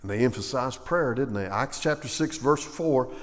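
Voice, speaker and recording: A male preacher giving a sermon, swinging between loud, emphatic lines and hushed, slow ones. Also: mid-range voice, expressive, big-room sound.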